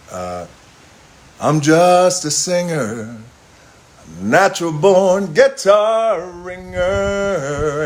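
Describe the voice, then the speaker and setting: A man with a fairly low voice spins a loose, rambling story on a phone live stream, breaking off for toasts and quick asides. Faint guitar music plays quietly behind him. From Hawaii.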